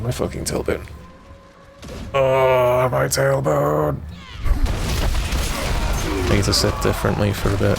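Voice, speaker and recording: Low gravelly man grumbling while gaming. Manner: profane, grumbling rambling. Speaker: livestreamer. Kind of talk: casual gaming commentary.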